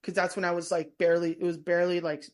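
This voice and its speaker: With a lowish voice that barely moves in pitch, she talks fast. She's a former prison employee and tour guide on a casual podcast, telling stories in a chatty, wandering style with lots of restarts.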